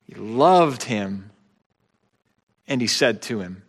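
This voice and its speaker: A man's voice: mid-range voice, expressive, takes it slowly, pauses often, husky, long reverb tail. A man preaching a sermon as pastor, in a conversational way with wry, joking asides.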